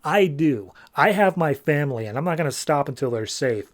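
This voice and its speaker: A man hosting a comics podcast, giving a casual, quick recap of the plot and briefly acting out characters' lines. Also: a little high, animated. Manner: retells scenes, briefly voicing characters in quotes. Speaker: podcast host.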